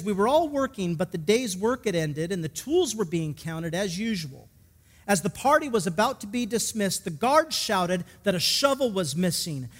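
A man's voice: high voice, in a large hall. A male pastor preaching a sermon emphatically, asking the congregation questions and telling a story.

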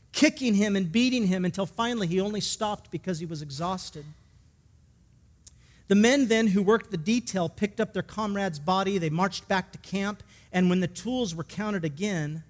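A man's voice: high voice, big-room sound. A male pastor preaching a sermon emphatically, asking the congregation questions and telling a story.

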